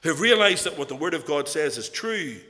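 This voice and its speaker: In an echoey church hall, a Northern Irish lay preacher gives an evening sermon in a slightly high voice that swings widely in pitch. He speaks fairly quickly with a pushed, bright sound, earnest and storytelling, his emphasis climbing and falling.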